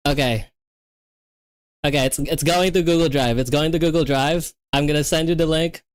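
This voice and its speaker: Low-voiced excitable woman streamer. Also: normal speed, no echo. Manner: excitable, exclaiming and repeating herself. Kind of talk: livestreamed coding session chat.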